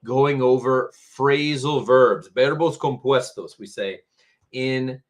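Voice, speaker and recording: Patient American man teaching English live. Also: medium pitch. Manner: patient, repeats words slowly for learners. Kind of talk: live-streamed English lesson. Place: home, Tampa area.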